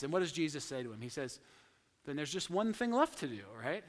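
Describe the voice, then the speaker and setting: A man preaching a sermon, telling a story with lively acted-out quotes. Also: on the high side, moderate pace, big-room sound. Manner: animated storytelling, acting out quotes. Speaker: pastor.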